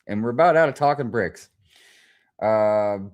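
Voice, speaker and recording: Brief: male streamer, profane comedic rant, lively up-and-down delivery, exasperated. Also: on the low side, a little slow, long pauses. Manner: swears constantly, animated and exasperated.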